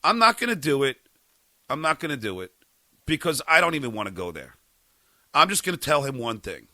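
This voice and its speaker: Very animated and fairly quick, a middle-aged podcast host rants in rage with a mid-range voice, pausing often, stammering, cursing, and shouting at times. No room sound is present.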